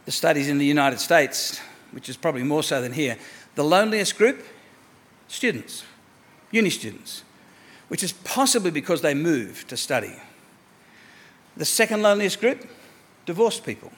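A man preaching a sermon to his church, emphatic, repeating words for stress and moving between soft asides and raised declarations. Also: a little high, very animated, moderate pace, pauses often. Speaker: pastor.

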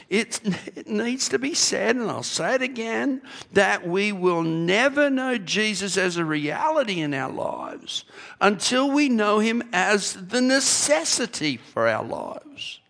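A man's voice: high voice, vocal fry, fairly bright tone. A man preaching a sermon to a congregation in a church, emphatic, with rhetorical questions and repeated key phrases. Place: church sanctuary. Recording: long hall reverb.

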